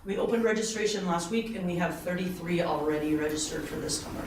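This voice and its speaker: A woman's voice: fairly low pitch, quick pace, background noise. Woman reporting from far across an echoey room. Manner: conversational, many ums, gets emotional. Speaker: community education director. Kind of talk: report at a school board meeting. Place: school board meeting room.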